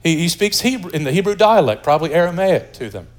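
An American pastor with a fast, rather high male voice delivers a sermon. His style is lively, conversational and full of jokes.

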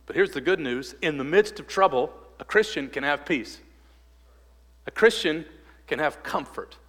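Male pastor preaching, goes loud and urgent then soft and hushed in prayer, long church reverb. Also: animated, normal speed. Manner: rises loud on exhortations, drops soft and low in prayer. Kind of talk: sermon with closing prayer. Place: church sanctuary.

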